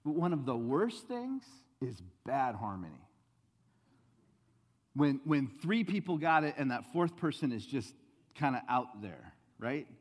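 A man preaching a sermon as pastor, swinging between loud emphatic rises and soft, low asides. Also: very animated, a little slow, big-room sound. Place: church sanctuary.

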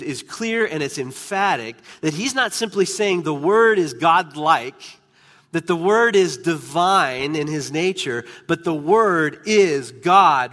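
A man preaching a sermon as pastor, emphatic, slowing down and dropping to a hush on key words. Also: a little high. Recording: long reverb of a large hall.

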